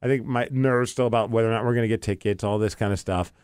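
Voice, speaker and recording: A man's voice: on the low side, steady tone, fast, a little mellow, smooth, no room sound, clean studio sound. A man on a podcast telling a story in casual chat, acting out both sides of the dialogue. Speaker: podcast host.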